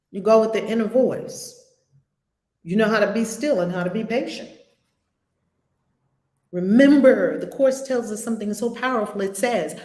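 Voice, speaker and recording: A woman spiritual teacher talks to her group in a blunt, lively way, swearing now and then and acting out little scenes. Her voice sits a touch high. The room around her sounds echoey. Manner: animated, acts out little scenes.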